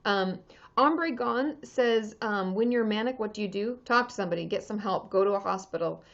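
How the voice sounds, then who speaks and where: On a dull-sounding lo-fi livestream, a woman therapist casually takes viewers' questions, stumbling through fillers and restarts, speaking in a mid-range voice at a moderate pace.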